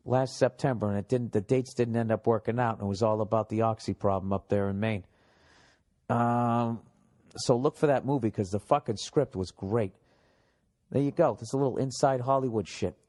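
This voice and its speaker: A middle-aged man ranting to his listeners in a loose, profane way. His voice sits at an ordinary middle pitch. He breaks off into mocking asides while reading letters aloud. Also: darkish tone. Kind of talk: casual rant and letter reading.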